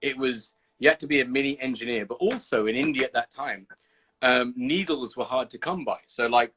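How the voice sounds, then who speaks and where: A man hosting a casual livestream chat from the UK, telling animated stories and swearing freely. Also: mid-range voice, brisk, a little hiss or hum. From United Kingdom. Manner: animated storyteller, swears freely, acts out scenes. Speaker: host. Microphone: video call.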